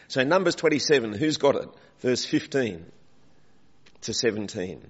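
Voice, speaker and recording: A man leads an interactive church sermon, chatting with the congregation, asking them questions, and calling for volunteers. His medium-pitched voice is animated with a breathy edge, at a moderate pace, and the dull recording carries long hall reverb.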